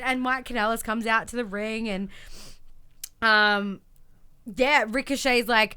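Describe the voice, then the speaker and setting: A woman's voice: on the high side, moderate pace, sharp tone, clear, resonant tone. A woman co-hosting a podcast, recapping events in casual chat and acting out quotes in exaggerated voices. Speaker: podcast co-host.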